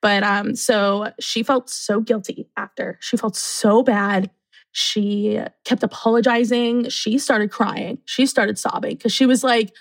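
A woman who works in university residence life, telling a story casually and acting out what people said in lively voices. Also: mid-range voice, slow pace, gravelly. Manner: animated, acts out quotes.

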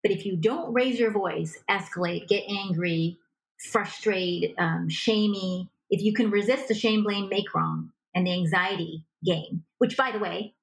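A woman relationship coach talking in a conversation, animated and acting out little example dialogues. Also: medium pitch, measured pace, gravelly, rough recording.

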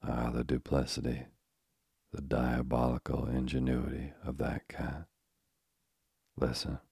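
Very deep, gravelly male storyteller. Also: monotone, mellow, no room sound, studio quality. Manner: measured, old-fashioned storytelling. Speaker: narrator. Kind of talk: storybook reading.

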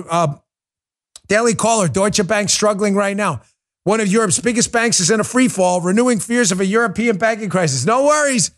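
Man, talk show host, sarcastic, mocking, fairly high voice, animated. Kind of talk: opinionated monologue.

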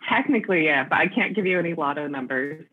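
A woman's voice: low-pitched, lively intonation, quick pace, no room sound. An American woman calling in to a podcast, chatting casually and filling her speech with "like" and "um". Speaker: caller. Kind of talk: casual phone chat. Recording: tinny dry phone line.

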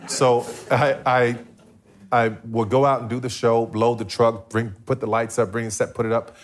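A man's voice: medium pitch, level tone, normal speed. A middle-aged man sharing a personal faith testimony in a conversation, telling his story vividly and acting out quoted dialogue. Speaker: guest.

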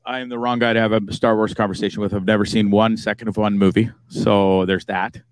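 A man's voice: lowish voice, flat delivery, fast, clear, resonant tone, no room sound. A man hosting a podcast in casual chat, rambling with many restarts in a friendly way. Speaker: podcast host.

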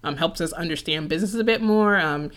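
A woman's voice: low voice, brisk, fairly bright tone. A woman in her twenties co-hosting a podcast, chatting casually with lots of fillers and frequent laughs. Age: 20s. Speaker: podcast co-host. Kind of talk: casual chat.

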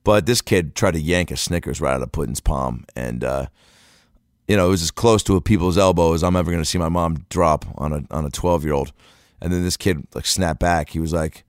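Deep-voiced male comic, dry close sound, loose swearing storyteller. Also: fairly quick, dry recording. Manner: loose, profane, rambling with fillers. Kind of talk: comedic storytelling monologue.

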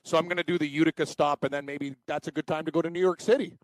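A man co-hosting a sports talk show who teases his partner and keeps the banter light. He talks very fast in a fairly high voice, recorded dry and close. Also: fairly even intonation, no room sound, low-quality recording. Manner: joking, teasing banter. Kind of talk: casual chat.

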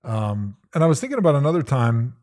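A man in his thirties co-hosting a podcast, reflecting on memories and asking measured questions. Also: mid-range voice, big pitch swings, a little mellow. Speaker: podcast co-host. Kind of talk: casual conversation.

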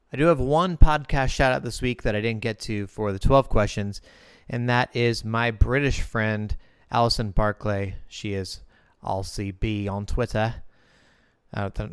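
A man hosts an interview podcast in a relaxed, chatty way, poking gentle fun at himself. His voice sits a little low and sounds smooth and resonant. The sound is dry and close to the mic. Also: dry recording. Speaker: podcast host.

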